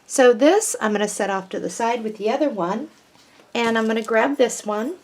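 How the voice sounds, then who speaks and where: A woman's voice: on the high side, moderate pace. A woman hosting a craft tutorial, patiently talking through each step of a paper flower project as she works.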